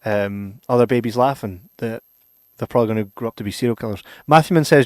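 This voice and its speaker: A Scottish man co-hosting a podcast in casual chat, swearing freely and laughing often, sometimes dropping into a low mutter. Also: steady tone, fast talker, darkish tone, no echo, studio quality. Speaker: podcast co-host.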